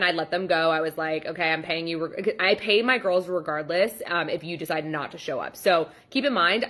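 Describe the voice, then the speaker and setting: A woman's voice: fairly low pitch, a bit bright. A woman photographer telling a story about a client in a casual vlog, chatty and exasperated, with lots of "like" and "um". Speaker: boudoir photographer.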